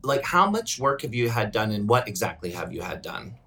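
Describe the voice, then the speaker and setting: A man's voice: fairly low pitch, big pitch swings, a little fast, pushed and bright. A middle-aged man hosting a podcast in casual chat, chatty and playful, laughing often and teasing his co-host.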